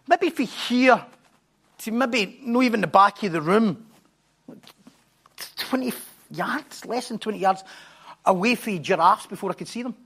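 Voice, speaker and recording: A man preaching a sermon, telling a story with animated repetition and stumbling restarts. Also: sits high, husky.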